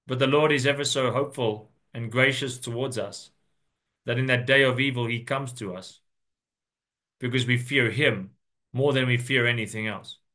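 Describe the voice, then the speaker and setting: A man preaching an earnest sermon, reading and explaining scripture with slow, drawn-out emphasis. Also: mid-range voice, bright, forceful tone.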